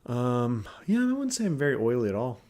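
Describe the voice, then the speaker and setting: A man's voice: medium pitch, very animated, brisk, darkish tone. A man co-hosting a podcast, spinning graphic, profane stories in loose casual chat. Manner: drawling, graphic storytelling with fillers. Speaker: podcast co-host.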